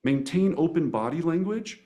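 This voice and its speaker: A man teaching real estate agents negotiation in a seminar, energetic and animated, often restarting words and tagging "right?" onto his points. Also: on the high side, normal speed. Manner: energetic, animated, with playful voice impressions. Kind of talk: coaching seminar presentation.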